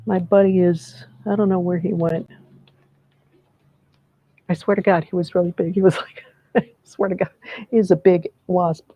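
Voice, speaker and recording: Soft-spoken woman leading an energy clearing. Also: lowish voice, little pitch movement, normal speed, long pauses, no echo, poor audio. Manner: soft, encouraging, meandering with restarts. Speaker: energy healer leading a group session. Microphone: video call.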